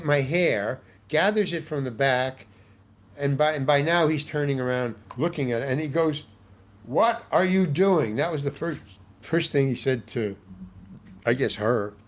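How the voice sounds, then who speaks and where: The older man, an actor appearing as a guest, talks at medium pitch and a moderate pace. He spins a lengthy anecdote for the interview, meandering along and repeating or restarting words.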